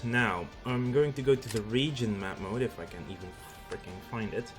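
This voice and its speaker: A man's voice: medium pitch, normal speed, hardly any pauses, soft background music. A Dutch man with a Dutch accent hosting a let's play, explaining the game in a casual way with frequent fillers. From Netherlands. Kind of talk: gameplay commentary.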